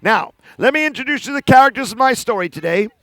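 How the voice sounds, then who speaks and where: A man telling a folk tale to children at a live outdoor event, lively and talking straight to his audience. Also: very high voice, fast talker, no echo. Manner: animated, talks straight to the audience. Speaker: storyteller. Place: outdoor park celebration.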